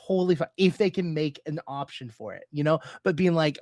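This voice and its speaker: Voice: mid-range voice, brisk, a little mellow, dry recording, clean studio sound. A co-host in a casual chat, ranting emphatically and swearing often. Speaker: podcast co-host.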